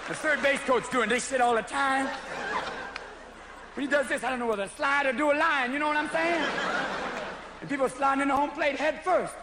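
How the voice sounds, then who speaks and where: A man's voice: very high-pitched, steady tone, a little fast, pauses often, in a large hall. A man doing a live stand-up routine, jumping between manic character voices and sound effects. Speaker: stand-up comedian. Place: comedy stage before a live audience. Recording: loud audience laughter and crowd noise.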